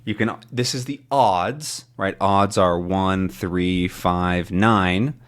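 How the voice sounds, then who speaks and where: Slow-speaking man teaching English. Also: deep voice. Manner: slow, clear explanations for learners. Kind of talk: reading a comic aloud for learners.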